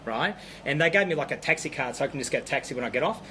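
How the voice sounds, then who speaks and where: A man telling a comedy-gig story in quick, animated casual chat. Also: a little high, a little hiss or hum. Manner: quick, animated, laughing through his own story. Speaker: comedian guest.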